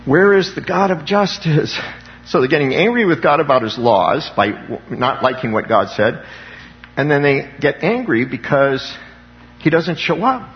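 A man's voice: mid-range voice, very animated, normal speed, muffled recording. A man preaching an impassioned sermon as a pastor, calling on the congregation for amens.

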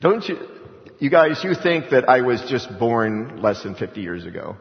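A man's voice: mid-range voice, very animated, normal speed, gravelly. A man preaching a sermon in a conversational way, asking rhetorical questions and chuckling as he explains scripture. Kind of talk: sermon with Bible reading. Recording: echoey hall, dull lo-fi sound.

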